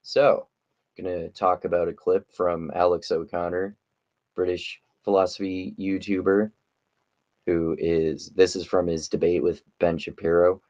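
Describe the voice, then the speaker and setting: A man's voice: low voice, flat delivery, measured pace, a little mellow, no echo, muffled recording. A man giving casual, rambling commentary on a video clip, with many restarts and fillers. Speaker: commentary YouTuber.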